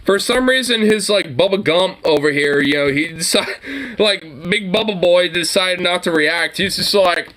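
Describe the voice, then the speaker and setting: A man giving casual, animated reaction commentary on gun videos, swearing often and laughing at the clips. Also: high voice, moderate pace.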